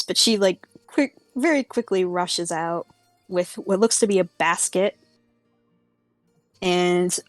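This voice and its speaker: A woman narrating as game master in a tabletop game, hesitant and filling gaps with little fillers. She speaks slowly. The sound is dry and close. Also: mid-range voice, no echo. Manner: hesitant, full of fillers like "kind of".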